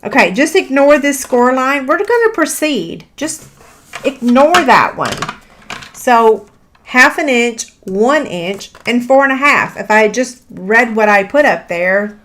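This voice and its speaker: A woman's voice: fairly high pitch, animated, measured pace, a bit bright, a little hiss or hum. A woman, teaching a live crafting tutorial in a chatty, self-deprecating way with frequent fillers. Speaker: paper craft instructor.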